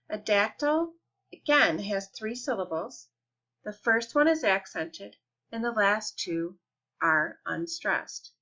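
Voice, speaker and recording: A woman teaching a lesson in a patient, deliberate way, slowing down to stretch out example words. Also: medium pitch, bright, forceful tone. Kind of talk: explanatory lesson. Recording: dull lo-fi recording.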